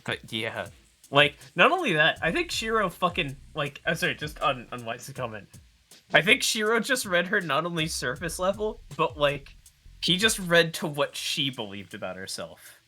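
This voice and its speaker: A man's voice: fairly high pitch, very animated, moderate pace, bright, forceful tone, soft background music. A man co-hosting a visual novel stream, reading game text aloud and chatting earnestly, swearing freely. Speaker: co-host playing a visual novel.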